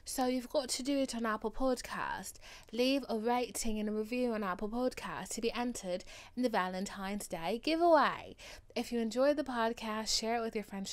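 A woman's voice: a little high, moderate pace. Overdramatic playful woman podcaster. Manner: overdramatic and playful, swinging from hushed asides to loud declarations. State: loopy and tired late at night. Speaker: podcast host. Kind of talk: casual solo podcast chat.

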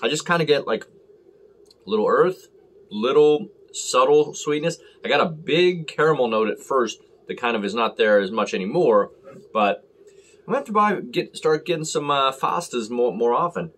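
A man's voice: mid-range voice, expressive, normal speed, fairly bright tone. A man talking casually and rambling as he reviews a beer on camera, full of fillers and self-deprecating asides.

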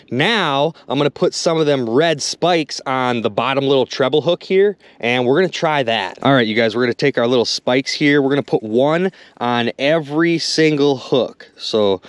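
A man vlogging while ice fishing outdoors on a frozen lake, talking excitedly to his viewers and exclaiming often. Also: mid-range voice, smooth, no room sound. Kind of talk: excited outdoor vlog narration. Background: wind and outdoor ambience.

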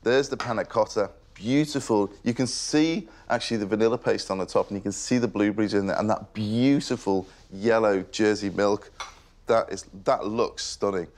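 A man's voice: on the low side, normal speed, a little mellow. A man hosting a cooking show, talking casually and enthusiastically as he demonstrates a recipe in a kitchen. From Merseyside, England. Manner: casual and enthusiastic, praising the food.

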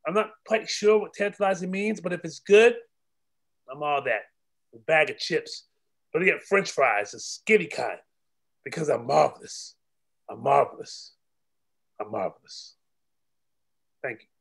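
A man with a high voice performs spoken-word poetry. He chants emphatic, rhythmic affirmations and leans hard on each line. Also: lively intonation, normal speed, creaky. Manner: rhythmic, emphatic affirmations with swings in pitch and loudness. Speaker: poet.

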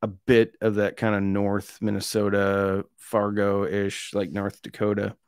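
A man's voice: fairly low pitch, completely flat delivery, a little slow, darkish tone, smooth, dry recording, clean studio sound. A man hosting an audio gear live stream, chatting casually in a rambling, easygoing, self-deprecating way. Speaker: audio channel host.

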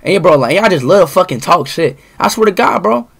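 A young man streaming live, ranting angrily at his chat with lots of swearing and sudden outbursts of shouting. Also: high-pitched, expressive, fairly quick, creaky. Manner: angry profane ranting, bursts into shouting.

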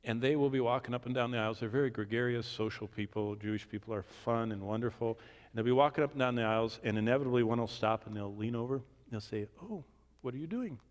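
A man's voice: medium pitch, fast talker. Man teaching scripture in a reverberant hall. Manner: expressive, swings from emphatic to hushed asides. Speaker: Bible teacher. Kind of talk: Bible teaching Q&A. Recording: long reverb of a large hall.

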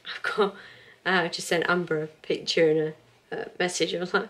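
A chatty woman in her thirties talks at home in a relaxed, rambling vlog. Her voice sits a little low, and she laughs easily between thoughts. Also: fairly quick. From England. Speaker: vlogger.

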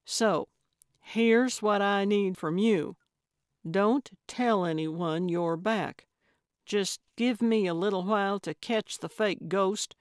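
A woman's voice: medium pitch, slow pace, no room sound, clean studio sound, lightly acted. A woman voicing a bossy older female amateur sleuth who talks bluntly and pushily. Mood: scheming. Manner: brash, blunt and pushy.

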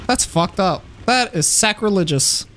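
A man playing a horror game with a friend, loud and excitable, swearing and often shouting. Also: high voice, measured pace. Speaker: gaming streamer. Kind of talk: casual co-op gaming commentary. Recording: noisy gameplay audio behind.

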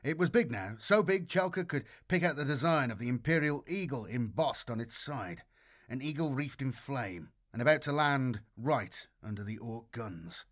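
A man giving a measured, scripted audiobook narration of a war story. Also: mid-range voice, expressive.

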